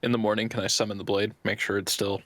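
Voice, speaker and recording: A man playing a tabletop game, quick and joking in casual chat. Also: on the low side, level tone, fairly bright tone, no echo. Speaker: player.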